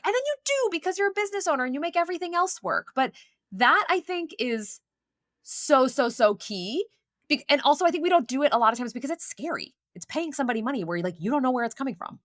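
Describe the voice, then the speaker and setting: A woman's voice: sits high, very animated, fast, fairly bright tone, no echo, clean studio sound. A young adult woman, a marketing mentor guest on a podcast, telling stories with enthusiasm and repeating phrases for emphasis. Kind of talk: casual interview chat.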